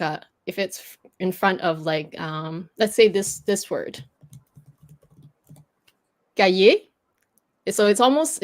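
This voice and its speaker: A woman hosting a livestream, patiently explaining pronunciation rules step by step and laughing easily. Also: lowish voice. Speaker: host teaching pronunciation.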